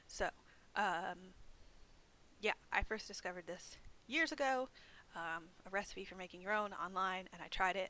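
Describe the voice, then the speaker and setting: A woman's voice: lowish voice, normal speed, bright, forceful tone, poor audio. A young woman hosting a library craft demonstration, chatting casually and poking fun at herself, with lots of "um" and "like". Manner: chatty and self-deprecating, many fillers. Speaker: library program host.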